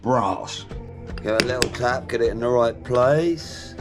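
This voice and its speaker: A man's voice: mid-range voice, moderate pace, music in the background. A man chatting casually as he works in his workshop, explaining each step with the odd joke. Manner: chatty, jokey, explains while working. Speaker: car builder vlogger. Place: home workshop.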